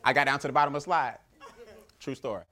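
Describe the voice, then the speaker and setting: A man giving a motivational keynote speech, telling stories with animated, emphatic repetition. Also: mid-range voice, fast. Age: adult father. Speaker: keynote speaker.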